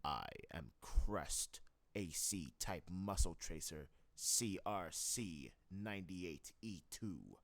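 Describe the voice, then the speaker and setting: A man voicing a stern male war machine pilot, speaking slowly and formally. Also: low voice, pitched below the performer's own voice, heavily acted. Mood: cold. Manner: slow, flat, formal self-introduction.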